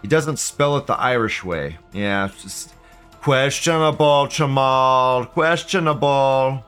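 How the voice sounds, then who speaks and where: A man's voice: medium pitch, takes it slowly, a bit bright, smooth, faint music behind. A man hosting a casual livestream, reading out viewer comments and rambling off the cuff with frequent bursts of laughter.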